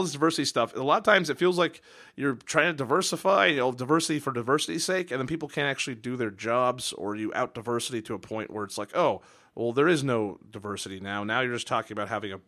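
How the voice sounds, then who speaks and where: A young man co-hosting a podcast, rambling and animated in casual chat. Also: mid-range voice, fast talker. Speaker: podcast co-host.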